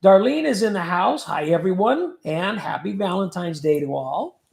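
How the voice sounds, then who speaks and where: A man's voice: high voice, lively intonation, moderate pace, vocal fry, a little mellow. A middle-aged man hosting a casual livestream, joking and reading out viewer comments. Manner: jokey, reads out viewer comments. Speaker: livestream host.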